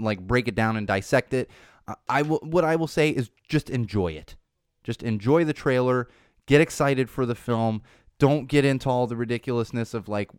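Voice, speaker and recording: A man's voice: mid-range voice, clean tone, no room sound. A man hosting a casual entertainment news chat in a studio, rambling and correcting himself, with sarcastic asides. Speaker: podcast host. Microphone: studio microphone.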